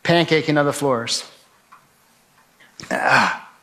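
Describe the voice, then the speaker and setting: A man giving an earnest spoken testimony to an audience, telling his story and acting out his own shouts. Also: on the high side, slow pace, noisy background.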